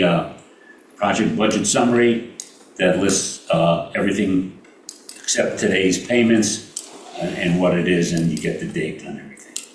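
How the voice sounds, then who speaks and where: A man with a Brooklyn accent running a committee meeting, reading out payments and figures with many halting fillers. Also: deep voice. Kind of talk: meeting business. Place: meeting room. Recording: echoey room from far off with noise.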